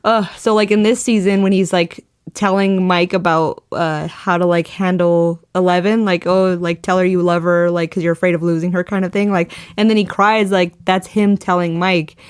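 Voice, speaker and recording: A woman co-hosting a podcast in relaxed casual chat, using lots of filler words and laughing often. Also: fairly low pitch, normal speed, clear, resonant tone, no room sound, clean studio sound. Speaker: podcast co-host.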